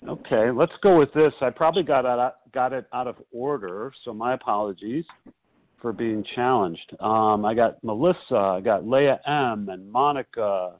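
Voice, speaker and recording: A man's voice: medium pitch, moderate pace. Guy running a phone meeting, calling names, casual, tinny line. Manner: casual, apologetic, calls names. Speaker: meeting leader.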